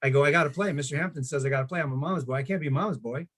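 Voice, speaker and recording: A middle-aged man telling stories in a casual chat, animated, jumping into higher voices for the people he quotes. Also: rapid-fire. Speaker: guest. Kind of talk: casual storytelling.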